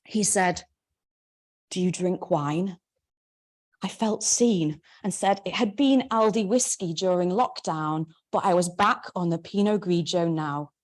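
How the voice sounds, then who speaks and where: A woman, reading her memoir aloud in a wry, measured way. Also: lowish voice. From Manchester, England. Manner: wry, measured first-person narration. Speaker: memoir author.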